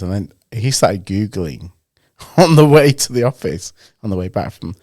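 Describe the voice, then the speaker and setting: In clean studio sound with no echo, a man co-hosting a podcast spins an animated anecdote during casual conversation. He acts out the people he quotes, speaking at normal speed in a voice on the low side.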